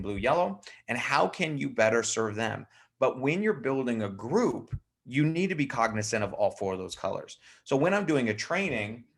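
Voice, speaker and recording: Animated gravelly man giving a team training. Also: lowish voice. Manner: animated, acts out personality types in quick put-on voices. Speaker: network marketing trainer. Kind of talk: live team training talk.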